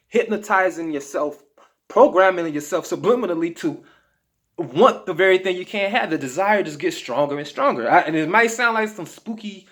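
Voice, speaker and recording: Male health vlogger, slightly high voice, emphatic and slangy, talking straight to camera. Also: a bit bright. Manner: emphatic, slangy, repeats "okay?" to check in. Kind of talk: casual motivational talk to camera.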